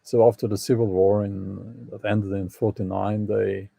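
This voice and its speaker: A man's voice: lowish voice, level tone, a little slow, dark tone, no room sound. A man hosting a casual live chat with his viewers, hesitant and full of fillers, with wry opinions and frequent laughs. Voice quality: gravelly, hesitant with many fillers. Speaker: channel host answering live chat.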